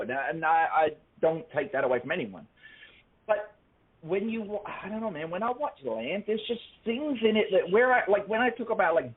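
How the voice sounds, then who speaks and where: A man co-hosting a casual podcast, ranting and swearing, often restarting his sentences. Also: high voice. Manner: ranting, swearing, self-interrupting. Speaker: podcast co-host. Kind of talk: casual chat. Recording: tinny phone-like line.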